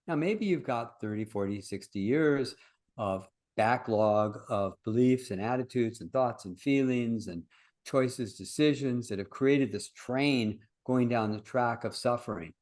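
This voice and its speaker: A man's voice: mid-range voice, a little mellow. An older man, a workshop founder and teacher, talking casually in an interview as an earnest, reflective storyteller.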